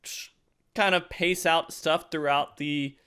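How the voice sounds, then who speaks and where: Male podcast host, casual and animated, clean smooth tone, pitched a bit high, laughs a lot. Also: slow. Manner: animated, laughs often, trails off and restarts. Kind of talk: casual chat.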